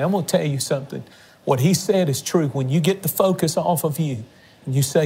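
A man's voice: fairly high pitch, fairly quick, warm tone, breathy edge. A man hosting a religious television program, making an earnest, emotional fundraising appeal to viewers. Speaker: television ministry host. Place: on location.

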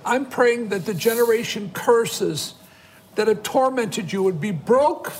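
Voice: mid-range voice, unhurried, a little mellow, a little hiss or hum. A guest minister leading a fervent, repetitive prayer for viewers on a religious television program.

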